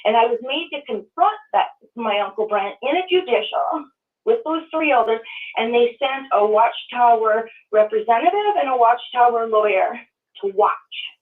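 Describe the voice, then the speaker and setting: Woman caller, from Minnesota, halting emotional speech, far from the phone, tinny phone sound. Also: on the high side, animated. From Minnesota, USA. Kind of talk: call-in testimony. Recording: distant tinny phone line.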